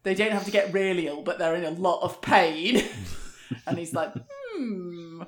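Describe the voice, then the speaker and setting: A woman's voice: on the low side, measured pace. Wry woman telling a story. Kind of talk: casual chat.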